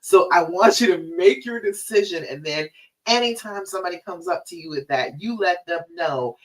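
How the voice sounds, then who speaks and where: A woman's voice: fairly low pitch, expressive, moderate pace, recorded from a distance, low-quality recording. A woman relationship coach giving a live-streamed talk, emphatic and direct, repeating her key points.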